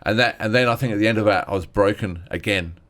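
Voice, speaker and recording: A man talks as a guest comedian in an interview, his voice sitting a little low. He tells his stories in a candid, rambling way and acts out other people's lines as he goes. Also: quick pace, fairly bright tone. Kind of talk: candid storytelling chat.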